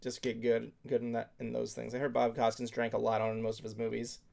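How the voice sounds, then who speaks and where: A man with a gravelly, fry-laden voice chats casually on a podcast, speaking offhand as he thinks aloud. His pitch sits in an ordinary middle range. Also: monotone, fast, darkish tone. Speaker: podcast co-host. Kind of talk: casual chat.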